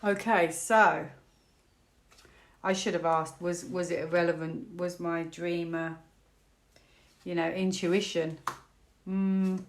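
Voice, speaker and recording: A woman's voice: fairly low pitch, steady tone, slow, pauses often. A woman from the United Kingdom giving a casual tarot reading to camera, thinking aloud in a rambling, half-laughing way. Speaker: tarot reader. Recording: echoey room.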